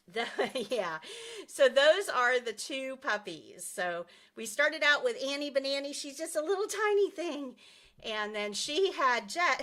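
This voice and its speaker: A woman's voice: high-pitched, sharp tone. A woman who teaches nursing assistants, chatting upbeat with viewers on a live stream and answering their comments. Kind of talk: casual live stream chat.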